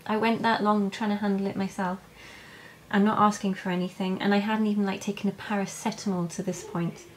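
A young woman telling her birth story in a vlog, halting and emotional, with many fillers and restarts. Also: medium pitch, level tone, slight background noise, rough recording. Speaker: vlogger. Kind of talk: personal birth story, casual.

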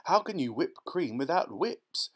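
A wildly eccentric chocolate-maker in a storybook reading, bursting with glee as he chants rhyming lines and shouts at his crew, as a man puts him on. His voice jumps up high and loud when he is excited. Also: a little slow, heavily acted. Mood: gleeful. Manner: gleeful, shouting, sing-song rhyming.

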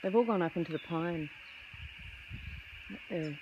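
With a lowish voice and a slightly slow pace, a young woman outdoors among trees feeds wild kookaburras, cooing at them and muttering asides to her handheld camera, held to the side. The audio is dull with background noise.

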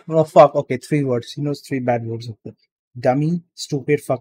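A man's voice: on the high side, fairly even intonation, normal speed, warm tone. A young man ranting profanely and with exasperation while commenting on a reaction video.

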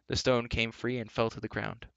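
A man narrating a live storybook reading in a steady, even way. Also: mid-range voice, moderate pace, gravelly, clear, resonant tone, no echo, highs cut off.

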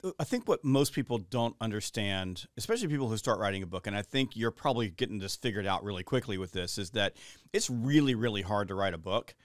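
Middle-aged guy hosting a podcast, smooth clear voice, dry close sound, rambles earnestly. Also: fairly low pitch, animated, fast talker, no echo. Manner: earnest, rambling with many restarts. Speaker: podcast host. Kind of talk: conversational interview.

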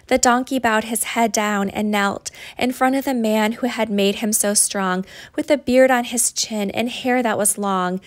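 A woman reads a rhyming picture book aloud for young children. Her voice sits a little high and moves in an expressive, sing-song way. The recording is dry and close, with no room sound. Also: unhurried, few pauses, dry recording. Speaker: storytime reader.

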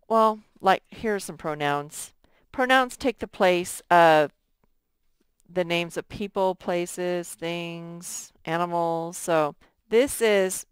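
A woman with a slightly low, smooth voice teaches a first grade lesson at an unhurried pace. She sounds out letters and stretches words patiently. The sound is dry and close. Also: dry recording. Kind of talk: recorded lesson for young students.

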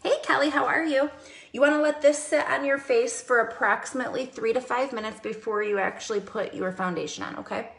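A woman's voice: on the high side, a little fast, creaky, fairly bright tone, reverberant. A woman hosting a casual makeup livestream, chatty and greeting viewers by name.

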